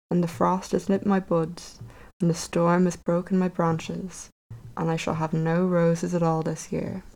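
A woman voicing an old, weary rose tree in a storybook tale, speaking slowly and solemnly. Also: on the low side, creaky, a little mellow. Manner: slow, solemn storybook recitation.

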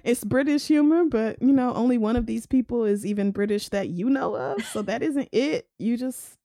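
A woman's voice: on the high side, moderate pace, no echo, clean studio sound. A woman co-hosting a casual recap chat, profane and laughing often as she retells scenes. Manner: profane, laughing, animated storytelling. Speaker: podcast co-host.

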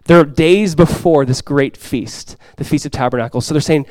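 Male pastor, sermon, fairly high voice, dry close sound, impassioned, surges loud then drops soft. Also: brisk, dry recording. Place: church sanctuary before a congregation.

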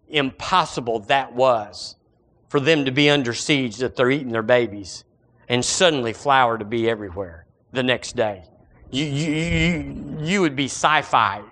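A man's voice: mid-range voice, fairly bright tone. A man preaching a sermon as pastor, emphatic and repetitive, swinging his voice up and down.

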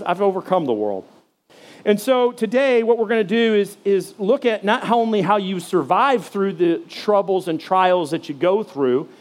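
Male pastor, sermon; fairly high voice, casual delivery, direct questions to the congregation. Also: darkish tone. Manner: conversational, asks listeners direct questions; fillers and restarts while reading scripture aloud.

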